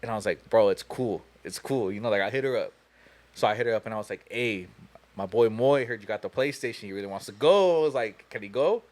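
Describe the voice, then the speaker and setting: Fast-talking young man telling a rambling story. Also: on the low side, a little mellow. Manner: rambling, profane, heavy on "you know" and "like". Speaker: podcast host telling a story. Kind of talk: casual storytelling chat.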